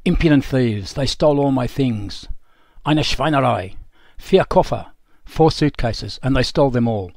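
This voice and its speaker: A proud, furious old general, as a male narrator puts him on, snarling and indignant. His voice sits at a middle pitch and sounds dry and close, with no room around it. He spits out each complaint stiffly. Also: expressive, measured pace, darkish tone, no room sound. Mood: fuming. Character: haughty, furious old German general, a prisoner.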